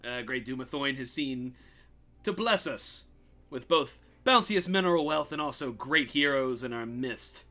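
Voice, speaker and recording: A man voicing a dramatic, showy male human mayor who addresses a crowd in a loud, grandstanding manner. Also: expressive, measured pace. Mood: persuasive. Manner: booming, grandstanding crowd-rousing speech.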